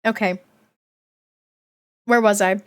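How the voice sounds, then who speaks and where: A woman's voice: medium pitch, steady tone, takes it slowly, clean tone. A woman streamer reading a children's book aloud to her live chat, often breaking off to giggle and make chatty asides.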